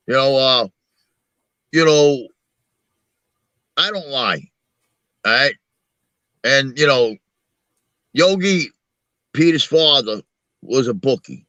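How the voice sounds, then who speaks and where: A man's voice: mid-range voice, animated, slow pace, long pauses, bright, forceful tone, no room sound. Profane New man telling street stories. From Long Island, New York. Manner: profane, storytelling, blunt. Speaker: show host. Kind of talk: casual live-stream talk.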